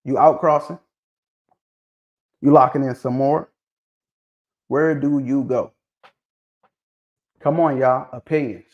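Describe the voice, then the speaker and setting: A livestream host discussing dog pedigrees speaks at medium pitch and a slow pace, pausing often, with the highs cut off. Animated and casual, he prods his viewers with questions and repeats himself.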